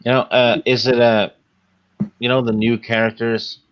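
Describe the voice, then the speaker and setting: A man's voice: mid-range voice, little pitch movement, smooth, highs cut off. A man on a casual panel chat, speaking hesitantly and filling his talk with "uh". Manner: slow, hesitant, full of uhs.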